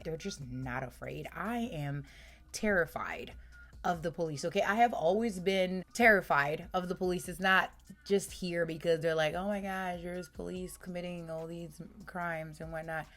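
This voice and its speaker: Chatty woman with a strained, lowered voice. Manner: chatty, uses "y'all", laughs at her own stories. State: strained voice, upper register gone. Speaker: true crime channel host. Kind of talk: casual chatty storytelling to camera. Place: home room, lawn mowing heard outside.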